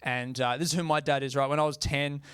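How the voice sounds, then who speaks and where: A man's voice: medium pitch, fairly even intonation, fast, fairly bright tone, clean tone, no room sound, clean studio sound. An Australian man performing stand-up comedy, casual and self-mocking, with frequent swearing.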